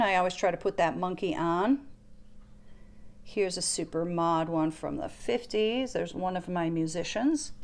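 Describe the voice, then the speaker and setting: A woman giving a casual, enthusiastic show-and-tell of her vintage ornament collection in her living room. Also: fairly low pitch. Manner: chatty, enthusiastic, gushing over finds.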